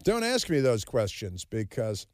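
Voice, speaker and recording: A man's voice: medium pitch, wildly swooping pitch, unhurried, no echo, clean studio sound. A man hosting a political talk radio show, talking in a sarcastic, mocking, rambling way full of fillers. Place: radio studio. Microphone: studio microphone.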